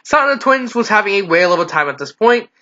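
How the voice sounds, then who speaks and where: A casual story reader with a bright, forceful tone who often trips over words and goes back to fix them. The recording is dull and lo-fi. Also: medium pitch, big pitch swings, fast. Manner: casual, stumbling, self-correcting. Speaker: fan fiction reader. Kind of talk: story reading.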